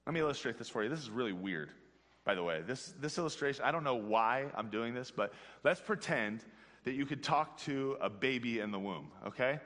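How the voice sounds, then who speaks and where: A man preaching a youth sermon in a casual, slangy, animated way, talking straight to his audience. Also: mid-range voice, fairly quick, big-room sound. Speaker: pastor.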